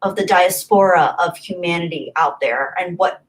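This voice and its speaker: A woman's voice: on the low side, moderate pace, rough recording. A young woman hosting a livestream, chatting casually and rambling as she answers viewer comments, often repeating herself. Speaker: livestream host.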